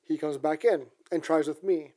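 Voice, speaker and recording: A woman's voice: low-pitched, moderate pace, dark tone. A woman co-hosting a podcast, from Canada, telling rambling stories in casual chat with frequent restarts.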